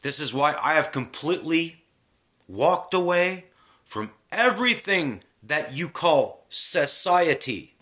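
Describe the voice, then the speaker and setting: A man's voice: a little high, very animated, takes it slowly, a bit bright. A man in a casual spiritual rant, heated and preachy, swearing freely.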